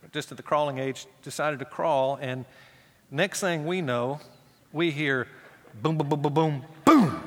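A middle-aged pastor preaching a sermon, swinging from raised, animated passages to low, hushed emphasis, with quoted voices acted out in conversational asides. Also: male voice, long reverb tail.

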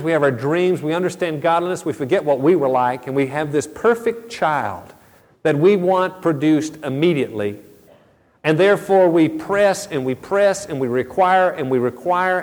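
A man's voice: a little high, a little mellow. A middle-aged man preaching a sermon as a pastor, earnest and conversational, with storytelling asides. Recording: long reverb of a large hall.

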